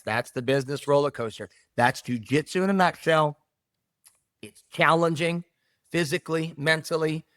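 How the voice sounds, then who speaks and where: A middle-aged man, a jiu-jitsu academy owner, talking in a casual interview with emphatic, animated delivery and repeated key phrases. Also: medium pitch, dry recording, studio quality.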